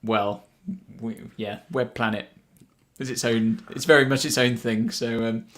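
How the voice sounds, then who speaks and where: A man's voice: medium pitch, fairly even intonation, measured pace, a bit bright. A man co-hosting a casual livestream chat, talking loosely with frequent laughs and fillers. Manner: chatty, laughs often, many fillers and restarts. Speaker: podcast co-host.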